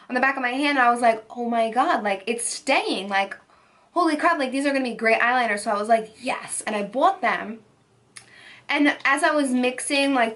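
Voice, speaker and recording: A woman's voice: fairly high pitch, fairly bright tone. A young woman with a cold and a nasal voice, chatting through a makeup tutorial voiceover with gushing, casual talk full of fillers. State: has a cold. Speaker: beauty vlogger.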